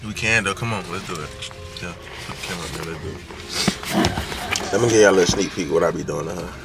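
A young man hosting his vlog, joking around in slangy, animated casual talk. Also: low voice, very fast, vocal fry, over loud music. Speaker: vlogger. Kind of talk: casual chat.

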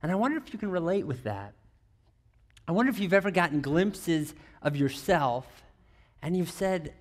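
A man giving a conversational sermon in a high, light voice. He keeps turning to the audience with questions like "right?" and drops in playful, teasing asides, stumbling and restarting as he goes. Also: very animated, normal speed. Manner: chatty, asks the audience questions, many restarts. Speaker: pastor.

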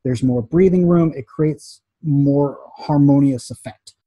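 Chatty design teacher, male, slightly high voice with a husky edge. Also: measured pace, no echo. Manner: chatty and animated, acts out quotes. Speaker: graphic design instructor. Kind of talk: casual recorded lesson.

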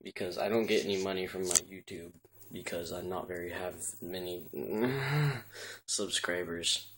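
A man presenting a joking impressions video as a YouTuber, with a deadpan delivery. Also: low-pitched, normal speed.

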